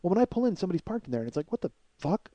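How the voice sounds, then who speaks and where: A man hosting a comedy podcast, delivering a profane, exasperated rant that swings between loud outbursts and low muttering. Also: big pitch swings, rapid-fire, no echo, dull audio. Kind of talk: ranting comedic monologue.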